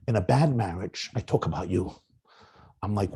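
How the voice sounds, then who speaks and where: Middle-aged male rabbi, marriage lecture, mellow and lively, acts out quoted spouses. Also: fairly low pitch, normal speed, pauses often, slightly rough. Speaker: rabbi giving marriage guidance. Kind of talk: lecture to young married men.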